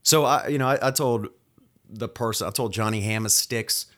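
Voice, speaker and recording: A man's voice: lowish voice, a bit bright. Profane, fired-up male nurse podcaster. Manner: angry, profane, rapid-fire venting. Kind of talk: solo podcast rant.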